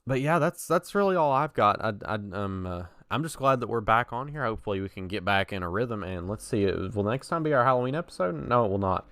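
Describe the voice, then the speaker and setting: Young male podcast co-host, low-ish smooth voice, dry close mic, chatty storyteller. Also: animated, fast, few pauses, a bit bright, no echo. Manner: chatty storyteller, laughs at own stories. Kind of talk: casual podcast chat.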